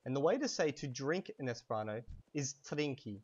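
A man teaching vocabulary in a casual, chatty way while playing a game at home, repeating each word slowly for learners, a little hoarse from a cold. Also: medium pitch, lo-fi sound. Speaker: language teacher. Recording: steady background noise.

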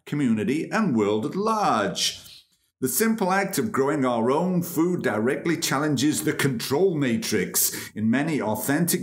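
A British man hosting a comedic podcast monologue. He reads an article aloud, breaking off for puns and wry asides. His pitch sits in the ordinary middle range. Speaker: podcast host.

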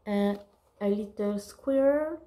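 Slow, halting woman with a mellow voice. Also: mid-range voice, rough recording. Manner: halting, searching for words; apologetic. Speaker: vlogger. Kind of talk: casual haul video.

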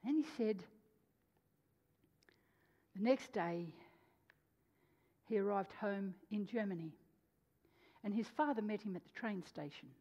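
A woman preacher telling a story in a sermon, animated, swinging between loud and hushed delivery. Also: medium pitch, slow pace, long pauses. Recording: dull lo-fi sound with long hall reverb.

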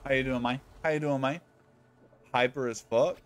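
A man's voice: mid-range voice, fairly even intonation, normal speed, a little hiss or hum. A man streaming a game live, chatting loosely with viewers, swearing freely and calling them by nicknames. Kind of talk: casual live-stream chat while gaming.

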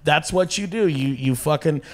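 A man's voice: fairly high pitch, normal speed. A man who is a comedian, chatting casually as a podcast guest, telling stories animatedly, acting out quotes, and swearing often.

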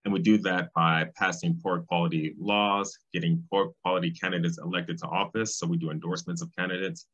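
Low-voiced man, thoughtful and halting. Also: level tone, a bit bright. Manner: thoughtful, with frequent ums and restarts. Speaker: guest, civil rights state director. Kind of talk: casual interview conversation. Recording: slightly dull, lo-fi sound.

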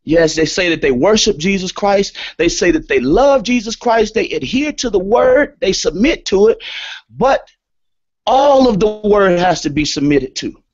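Male lecturer, emphatic sermon delivery with lively pitch swings, muffled lo-fi sound. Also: a little slow. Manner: emphatic, repeats key statements. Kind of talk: sermon-style scripture lecture. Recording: dull lo-fi audio.

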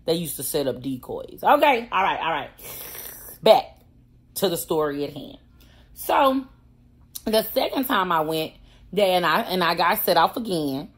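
A woman, a pastor, telling a personal story in a casual vlog, animated and slangy, laughing often and talking straight to her viewers. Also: lowish voice. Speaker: pastor and prison wife.

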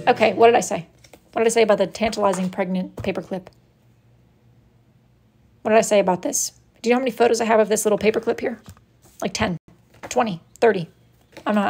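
A woman hosting a casual live stream, reading viewer messages aloud in a dry, sarcastic, mock-scolding way. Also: mid-range voice. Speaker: wood-burning artist hosting a live stream.

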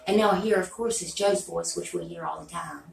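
A woman talks in a gravelly, creaky voice, chatting folksily to her viewers in a loose, rambling vlog. She sits back from the mic in a roomy, echoey space. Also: on the low side, fairly quick, recorded from a distance, noisy background. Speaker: beauty YouTuber. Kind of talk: rambling casual vlog chat.

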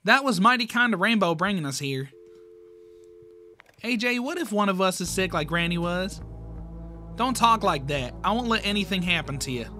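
A man's voice: high voice, lively intonation, moderate pace, pauses often, pushed and bright, faint music behind. A man voicing a frightened farm mare. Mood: protective.

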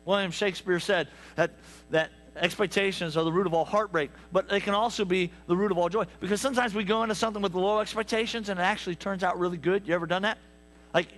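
A man preaching a sermon, telling stories with lively asides to the congregation. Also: high-pitched, fast. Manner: animated storytelling with asides to the congregation. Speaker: pastor. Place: church sanctuary.

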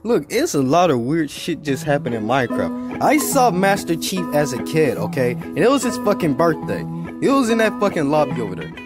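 A man giving casual let's-play commentary, profane and excitable, trash-talking as he plays. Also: fairly high pitch, brisk. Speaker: gaming YouTuber. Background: game music.

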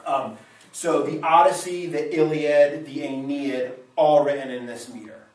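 Male Latin teacher, high-ish voice, self-correcting, heard far off in a boomy room. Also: measured pace. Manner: lively, thinks aloud and corrects himself. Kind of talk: classroom lecture. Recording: very echoey room, mic far off.

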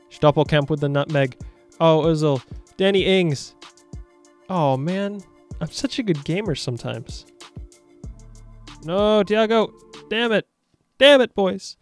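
A young man giving jokey, animated commentary over his own football video game matches. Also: on the high side. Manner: animated, jokey, shouts at big moments. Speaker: gaming YouTuber. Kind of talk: excited gameplay commentary.

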